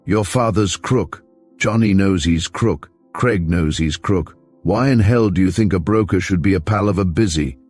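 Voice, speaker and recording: A man's voice: deep voice, moderate pace, darkish tone, soft background music. A man voicing a cold, sneering young swindler in an audiobook reading. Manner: sneering, rough. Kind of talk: audiobook character voice.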